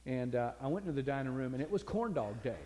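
A man's voice: mid-range voice, animated, quick pace, warm tone. Brief: older male pastor, folksy storytelling sermon, echoing hall.

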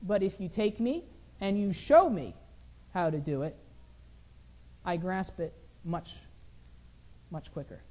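A man delivers a sermon in an earnest, personal storytelling manner. His voice is mellow and warm rather than bright. He lifts his pitch and presses harder whenever he drives a point home. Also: lively intonation, slow, long pauses. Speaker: preacher.

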